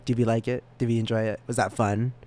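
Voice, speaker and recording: A young man in his twenties talking alone on his podcast. He rambles and mocks himself, trips over and repeats his words, and keeps jumping into sudden loud, high bursts. His voice sits at an ordinary pitch for a man. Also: fast talker. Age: 20s. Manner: rambling, self-mocking, stumbles and repeats words; animated jumps in pitch and volume. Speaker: podcast host. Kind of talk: casual solo podcast rambling.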